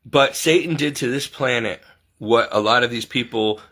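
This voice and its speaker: A man with a bright, forceful voice speaks off the cuff in a heated monologue. He presses his points hard and keeps asking rhetorical questions, sometimes slipping into other people's voices to mimic them. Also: medium pitch, normal speed. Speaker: online commentary host. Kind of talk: unscripted monologue to camera.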